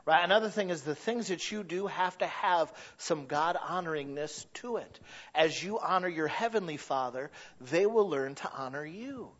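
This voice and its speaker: A man's voice: on the high side, normal speed, a bit bright. Earnest preaching man, lo-fi sound. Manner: earnest, conversational preaching with restarts and asides. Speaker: pastor. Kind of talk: sermon. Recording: dull lo-fi recording.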